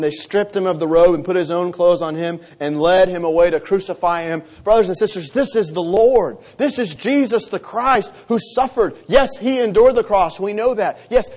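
Male preacher, high-pitched, earnest and emphatic, delivering a scripture sermon. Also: darkish tone. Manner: earnest, emphatic, dropping low for solemn lines.

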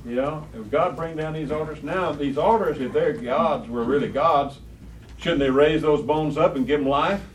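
In a Bible study class, a man with a somewhat high voice teaches at a normal speed, quizzing his students and stressing key phrases by repeating them. The audio sounds roomy and distant, with faint room noise.

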